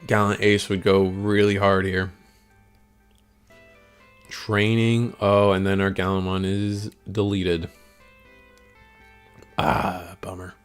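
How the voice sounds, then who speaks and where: A man's voice: deep voice, little pitch movement, takes it slowly, pauses often, clear, resonant tone, soft background music. Rambling, slangy young man commentating. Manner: rambling and slangy, talks to chat. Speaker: stream host and commentator. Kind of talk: casual live commentary on a card game.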